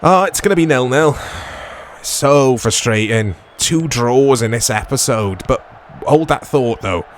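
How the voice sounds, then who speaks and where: A man chatting through a football video game match, talking to his viewers as he plays. His pitch sits in the middle range, and he reacts with quick excited outbursts. Faint music plays under his voice. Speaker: gaming YouTuber. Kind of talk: let's play commentary.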